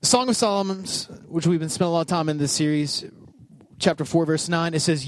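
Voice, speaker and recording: A man preaching a sermon, animated and conversational, acting out voices and calling out to his congregation. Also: fairly high pitch, fairly quick, dry recording. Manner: animated storytelling with acted-out voices, calls to the congregation. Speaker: pastor.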